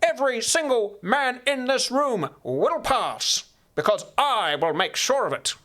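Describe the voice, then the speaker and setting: A man imitating a stern male boarding-school dorm master who speaks slowly, like an old cowboy. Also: very high-pitched, lively intonation, bright, forceful tone, voice pushed up, exaggerated voice. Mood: commanding. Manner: slow, drawn-out, old cowboy-like delivery.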